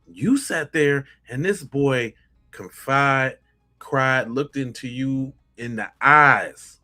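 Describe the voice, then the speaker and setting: A podcast host, a man, reacts in blunt, slangy outrage to true crime footage. His voice is bright and forceful. Faint music plays under him. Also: mid-range voice, big pitch swings, slow pace.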